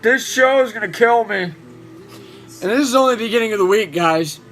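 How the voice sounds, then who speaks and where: A man hosting a reaction video, talking casually and excitedly to his viewers about what he is watching. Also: high-pitched, normal speed, soft background music. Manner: excitable, emotional, chatty. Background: TV show audio playing.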